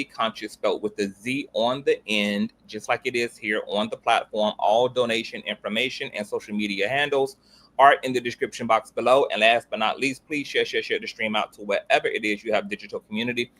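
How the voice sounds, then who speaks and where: A man with a bright, forceful tone hosting his own commentary livestream. He talks in a sassy, flamboyant way, greeting viewers by name and calling them girl and honey. His pitch sits in an ordinary middle range.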